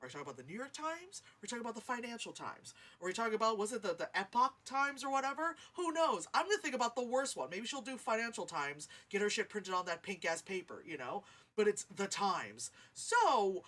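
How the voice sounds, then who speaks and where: A woman ranting about a movie in a casual review, sarcastic and animated, swearing often. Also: mid-range voice, a little fast.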